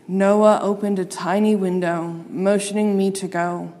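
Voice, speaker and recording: Slow expressive woman reading a storybook. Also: medium pitch, in a large hall. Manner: expressive, playing up sound words.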